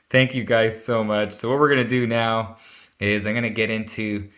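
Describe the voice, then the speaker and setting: A man hosting his own channel, talking excitedly and emotionally to viewers while he unboxes an award. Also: lowish voice, unhurried. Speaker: sports channel host. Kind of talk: casual unboxing vlog.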